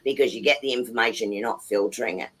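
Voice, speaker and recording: A woman's voice: very deep voice, fast talker, fairly bright tone, slightly rough, rough recording. A woman co-hosting a tarot livestream, chiming in with agreement and then explaining her view in a casual, chatty way. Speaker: co-host.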